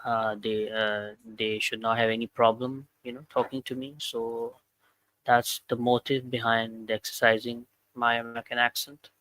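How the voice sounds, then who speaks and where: Hesitant man with a bright flat voice. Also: mid-range voice, moderate pace, no room sound, rough recording. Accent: South Asian English. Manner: hesitant, many ums and uhs. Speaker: English learner. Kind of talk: casual chat.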